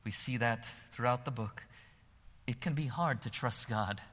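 A man preaching a sermon in a church, swinging from hushed lines to loud, emphatic repetition. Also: medium pitch, measured pace, long reverb tail. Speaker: pastor. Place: church sanctuary.

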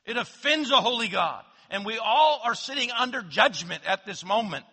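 A man preaching a sermon as pastor, swinging from loud emphatic declarations to hushed low asides. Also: lively intonation, moderate pace, breathy edge. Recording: long hall reverb.

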